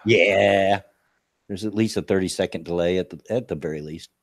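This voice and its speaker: A man's voice: sits low, moderate pace, no echo. A man hosting a casual talk show, telling a story with frequent chuckles and restarts. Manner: chatty, laughs through his own story, frequent restarts.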